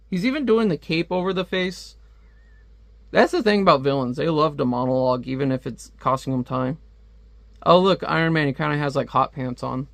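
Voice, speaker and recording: A man's voice: a little high, brisk, creaky, fairly bright tone, dry recording. Chatty man reviewing comics, dry sound. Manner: chatty, laughing, many fillers. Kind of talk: casual review chat.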